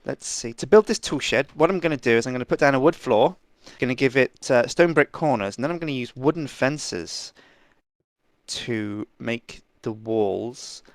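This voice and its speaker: A man co-hosting a casual gameplay chat, joking in a playful deadpan way. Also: medium pitch, moderate pace, no room sound. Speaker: co-host.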